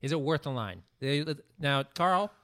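A man co-hosting a podcast, chatting casually and telling stories, animated and profane, jumping between loud outbursts and low mutters. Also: a little slow. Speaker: podcast co-host and comedian. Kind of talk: casual chat.

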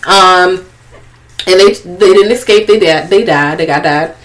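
A woman co-hosting a casual chat, recapping a horror movie in a profane, animated storytelling way. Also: on the low side, a little slow, rough recording. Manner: profane, animated storyteller who acts out quotes. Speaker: podcast co-host.

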